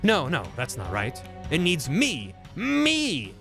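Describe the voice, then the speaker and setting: A man voicing a pompous, scheming male fish mayor in a video game, speaking low and slow with grand self-importance. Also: wildly swooping pitch, creaky, sharp tone, soft background music, heavily acted. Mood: grandiose.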